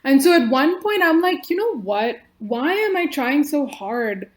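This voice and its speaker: A woman guest on a podcast, telling stories in casual conversation, animated and peppered with "like". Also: high voice, measured pace. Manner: animated storyteller, frequent "like" fillers.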